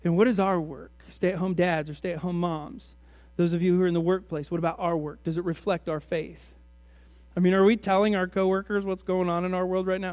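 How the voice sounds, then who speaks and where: A man's voice: high-pitched, fairly even intonation, a little fast, darkish tone, no echo. A man preaching a sermon as a pastor, in a conversational way full of rhetorical questions to his congregation.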